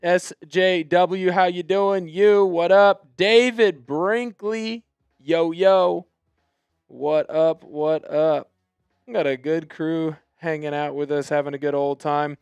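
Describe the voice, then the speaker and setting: A man's voice: sits high, clear, resonant tone, no echo. A man hosting a live sports stream, greeting chat viewers in an upbeat, chatty way. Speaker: host.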